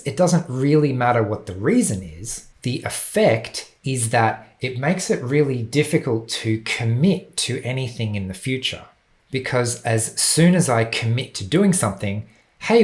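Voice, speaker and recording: A man speaks straight to his viewers in a reflective, unhurried vlog. His voice sits in an ordinary middle register, and his delivery is measured and thoughtful. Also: mid-range voice. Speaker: vlogger. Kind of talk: reflective personal talk to camera.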